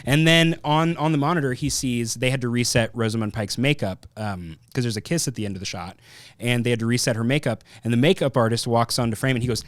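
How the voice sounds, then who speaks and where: A man's voice: mid-range voice, quick pace, dry recording, studio quality. Rambling man hosting a film review chat. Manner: rambling storyteller, thinks aloud. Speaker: podcast host.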